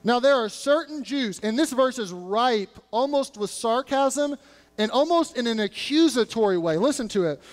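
High-voiced man preaching in a reverberant church. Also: moderate pace. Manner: animated preaching, acting out biblical characters in casual modern speech. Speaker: pastor. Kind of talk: sermon. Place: church sanctuary. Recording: long hall reverb.

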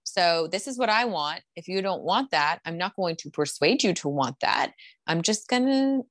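A woman's voice: lowish voice, lively intonation, normal speed, a bit bright, dry recording. A woman co-hosting a podcast, chatting frankly and casually with lots of fillers. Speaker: podcast co-host. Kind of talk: casual chat about reality TV.

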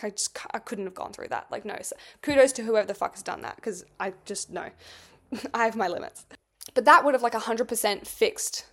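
A young woman hosts a podcast with a medium-pitched, fairly bright voice, rambling through a personal story while swearing a lot and filling gaps with "like."

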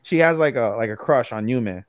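A man's voice: medium pitch, lively intonation, fairly quick, no echo, clean studio sound. A man co-hosting a podcast, recapping an anime episode in a casual, profane way and acting out the characters' quoted lines. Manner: swears often, recaps plots with quoted lines. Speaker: podcast co-host.

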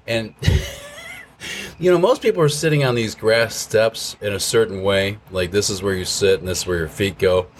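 Low-voiced man telling a rowdy story. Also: normal speed. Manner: animated storyteller who acts out other people. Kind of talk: casual chat, anecdote. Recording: faint background noise.

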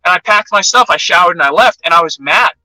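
A man's voice: high-pitched, quick pace, rough recording. A young man, an MMA fighter, telling a sparring story in a casual interview, acting out what people said. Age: young adult. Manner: animated anecdote-telling, acts out quotes.

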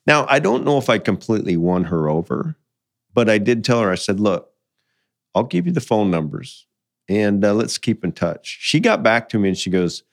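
A low-pitched man from the mining industry who talks casually on a podcast. He tells folksy stories and slips into quoting what people said to him. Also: lively intonation, a little fast. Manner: folksy storyteller, quotes people in conversation. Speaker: mining guest.

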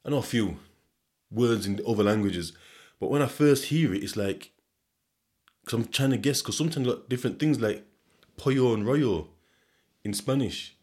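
A man's voice: mid-range voice, moderate pace, long pauses, darkish tone. A young man from Sheffield with a Sheffield accent, hosting a podcast in a loose, rambling monologue, swearing freely and chuckling often. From Sheffield, England. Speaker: podcast host.

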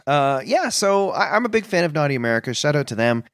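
A man co-hosting a podcast in casual comedic chat, talking deadpan and mock-earnest with halting starts. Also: fairly high pitch, no echo, studio quality. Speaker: podcast co-host.

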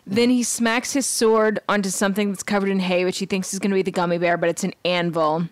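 A woman's voice: medium pitch, steady tone, dry recording. Woman retelling a cartoon plot, dry sound. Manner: brisk storytelling, slipping briefly into characters' lines, laughs often. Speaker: podcast co-host. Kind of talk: casual chat recapping a cartoon episode.

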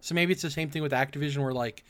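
Raspy-throated gaming podcast host. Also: male voice, fairly high pitch, rapid-fire, a bit bright. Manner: runs the segments, asks the panel questions. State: throat rough from acid reflux. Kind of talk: casual gaming podcast chat.

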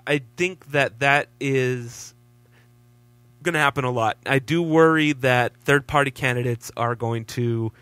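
Brief: male podcast co-host, bright voice, dry close sound, relaxed hesitant chat. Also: mid-range voice, a little slow, clear, resonant tone, no room sound. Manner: laid-back, hesitant, many fillers. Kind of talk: casual political chat.

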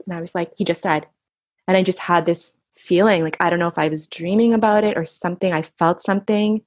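A middle-aged woman speaking softly and reflectively in an intimate interview, often pausing and restarting her sentences. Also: fairly low pitch, dry recording, clean studio sound. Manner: soft, reflective, halting with restarts. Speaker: guest recounting her husband's death.

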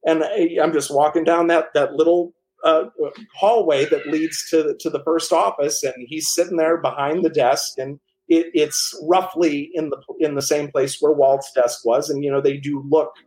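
A man telling animated stories as the author and guest in a casual interview, with many restarts. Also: a little high, normal speed, rough recording.

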